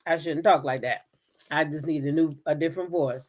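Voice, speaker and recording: A woman who hosts a commentary channel recounts a courtroom story in a low-pitched voice at a moderate pace. She's animated and laughing, retelling it casually and dramatically with plenty of asides to her viewers.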